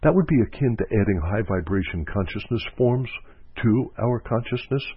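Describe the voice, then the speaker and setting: A man's voice: lowish voice, expressive, moderate pace, breathy edge, dry recording. A man giving a reflective spiritual teaching talk as a counselor, repeating phrases for emphasis. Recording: dry, phone-like narrow sound.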